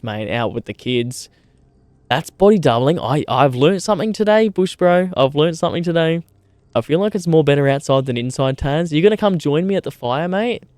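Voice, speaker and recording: A man's voice: fairly high pitch, darkish tone, no echo. A young Australian man chatting with his livestream viewers outdoors by a campfire. He is laid-back and matey, swears a lot and calls people mate. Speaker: streamer. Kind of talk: casual livestream chat with viewers.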